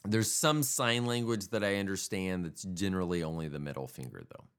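A man's voice: low-pitched, brisk, clean tone. A man hosting a podcast, rambling casually on his own in a jokey, profane way. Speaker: podcast host. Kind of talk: casual solo podcast monologue.

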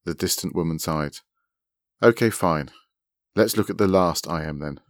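Deep-voiced guy reading his own story, measured and articulate, dry close sound. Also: no echo. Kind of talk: scripted first-person narration.

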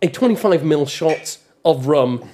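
A man's voice: a little high, lively intonation, unhurried, mellow, a little hiss or hum. A young man hosting a casual podcast among friends, chatty and teasing, talking over a video call from home. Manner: chatty, plugs the show, teasing. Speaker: podcast host.

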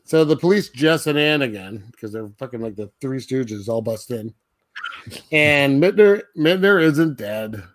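In an unhurried, animated medium-pitched voice, a podcast co-host casually recaps a movie, with slight hiss or hum in the background. He leans on lots of fillers and laughs often.

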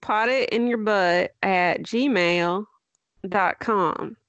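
A woman's voice: medium pitch, very slow, a bit bright, dry recording, muffled recording. A woman putting on a folksy American country accent as a drawling cowgirl while reading out podcast plugs. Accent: put-on American country.

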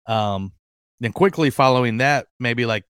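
A man hosting a fan podcast in casual chat, excitable and rambling, with lots of fillers and restarts. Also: mid-range voice, a little slow, clean tone, dry recording, studio quality. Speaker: podcast host.

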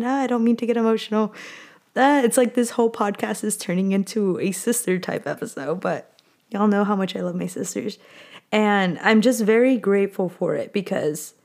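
A woman's voice: medium pitch, darkish tone. Young woman mixing English and Spanish. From Southern California. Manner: code-switches between English and Spanish, heavy "like" fillers; heartfelt, rambling. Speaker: podcast host. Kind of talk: casual solo podcast monologue.

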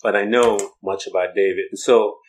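A man's voice: fairly low pitch, fairly even intonation, moderate pace, low-quality recording. A middle-aged man preaching an informal sermon, telling stories in a rambling way, repeating words and acting out the voices of people he quotes.

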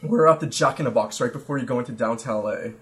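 A man's voice: mid-range voice, quick pace. A young man casually telling a long story on a podcast, rambling and swearing, with lots of "like" and "you know". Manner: rambling, profane, animated retelling with quoted voices. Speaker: podcast guest.

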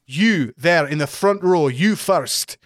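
A man narrating a tabletop game as game master in a relaxed, hesitant way. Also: on the high side, takes it slowly, no room sound, clean studio sound.

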